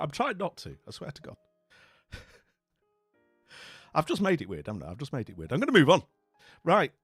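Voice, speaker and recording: A man's voice: mid-range voice, no echo. Chatty rambling male streamer. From northern England. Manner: rambling and chatty, full of "you know what I mean". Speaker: live streamer. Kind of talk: casual live-stream chat while gaming.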